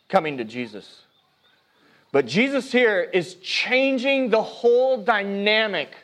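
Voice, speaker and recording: A male pastor giving a sermon, preaching earnestly, swinging between hushed and emphatic, often stopping and restarting mid-phrase. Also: sits high.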